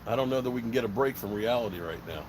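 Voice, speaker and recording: A man's voice: medium pitch, fast talker, slight background noise, low-quality recording. A man from Virginia hosting a casual live stream, talking bluntly and rambling, swearing freely. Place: outdoors by a smoker fire.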